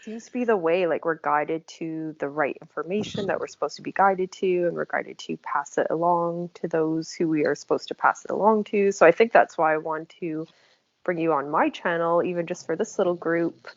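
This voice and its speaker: A woman hosting a casual spiritual chat on her channel, chatty and quick to laugh. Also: sits low, no room sound. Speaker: channel host. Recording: dry, dull lo-fi audio.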